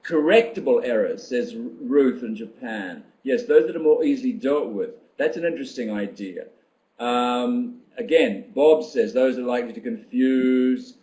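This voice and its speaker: An older man hosting a live online teacher-training session, musing aloud over comments from viewers. His voice sits at an ordinary pitch, and he talks in a reflective, unhurried way, pausing with ums as he thinks. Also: lively intonation, dark tone, rough recording. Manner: thoughtful, reflective, with frequent ums and pauses. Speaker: teacher trainer giving a webinar. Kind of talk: live webinar talk reading out participant comments.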